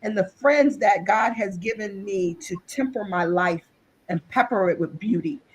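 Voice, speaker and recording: Speaking a little slowly in a middling, slightly rough voice, a guest author and business executive talks over a video call on an interview show, with poor audio. Her impassioned remarks are driven by earnest faith, and she builds her point by circling back, restarting phrases and repeating words.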